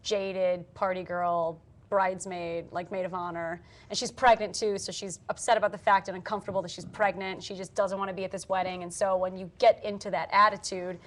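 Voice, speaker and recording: A woman, an actress, chatting casually about accents, with lots of likes and halting restarts. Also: lowish voice, flat delivery. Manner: filler-heavy, halting. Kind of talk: casual chat. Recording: live stream chat.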